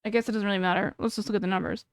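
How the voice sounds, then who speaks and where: A woman's voice: mid-range voice, steady tone, racing, no echo, studio quality. A woman in her thirties reacting on a live stream, thinking aloud in a chatty way with many fillers and self-corrections. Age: 30s. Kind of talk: casual live-stream commentary.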